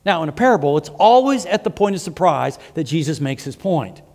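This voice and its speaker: Man, pastor, sermon, fairly high voice, explanatory with asides, long hall reverb. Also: very animated, a little fast, a little mellow. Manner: explains scripture with asides and restarts. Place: church sanctuary.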